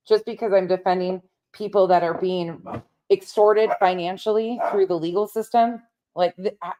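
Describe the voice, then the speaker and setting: Warm and medium-pitched, a woman's voice carries a casual late-night livestream where she reads chat aloud. She moves about while speaking right to her audience, swearing a lot and working herself up.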